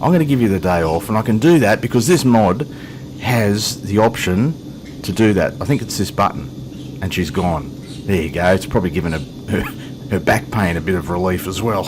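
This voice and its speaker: Lively, low-voiced man chatting through a flight sim. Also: normal speed, noisy background. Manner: chatty, joking and self-deprecating. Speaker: flight sim video host. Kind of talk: casual gameplay commentary.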